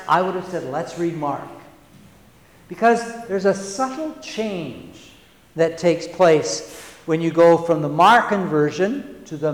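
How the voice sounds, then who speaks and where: A male preacher giving a sermon in a church, speaking slowly and deliberately, with emphatic repetitions and conversational asides to the congregation. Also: a little high. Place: church sanctuary. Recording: roomy church with long reverb.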